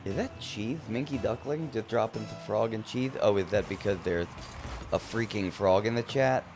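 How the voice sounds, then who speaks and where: Playful low-voiced man streaming games. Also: moderate pace, music in the background. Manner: playful, teasing, talks to chat. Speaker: gaming streamer. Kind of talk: casual live-stream commentary.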